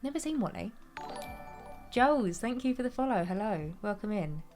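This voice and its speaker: A woman's voice: medium pitch, very animated, normal speed, a little mellow, soft background music. A young woman streaming a game, chatting casually, giggling and reading chat aloud.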